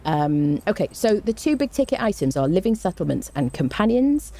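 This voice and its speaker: Here a British woman with a mid-range voice and big pitch swings talks at normal speed while live-streaming a game. She greets viewers warmly and reads patch notes, full of ums and restarts, with a little hiss or hum underneath.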